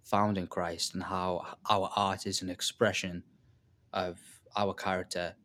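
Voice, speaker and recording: A man co-hosting a casual faith-based podcast, speaking in a relaxed way that trails off with ums and repeated words. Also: deep voice, unhurried. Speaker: podcast co-host.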